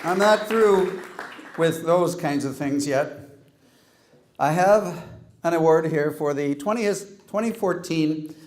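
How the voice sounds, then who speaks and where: A man with a slightly raised pitch hosts a lighthearted awards segment at a gathering. He teases each honoree wryly and reads out mock Latin mottos. His delivery is that of a relaxed after-dinner speech. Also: slow pace, a faint crowd. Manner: wry, teasing, reads Latin quotes aloud. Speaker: host handing out joke awards.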